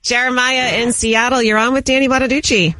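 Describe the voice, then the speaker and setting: A woman's voice: on the high side, steady tone, fairly quick, pushed and bright, no room sound. A woman co-hosting a morning radio show, introducing callers with brief upbeat reactions. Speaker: radio co-host.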